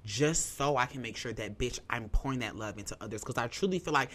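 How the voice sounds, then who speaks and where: A young adult podcast host with a bright voice, telling a personal story candidly. The talk is emphatic and profane and full of fillers. The host sounds emotional and is holding back tears. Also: medium pitch, a little fast, a little hiss or hum.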